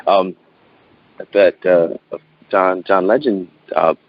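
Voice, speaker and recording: Deep-voiced man in his thirties, earnest. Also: slow, no echo, lo-fi sound. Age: 30s. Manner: earnest, repeats words, laughs often. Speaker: interview guest. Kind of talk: phone interview, personal storytelling. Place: outdoors.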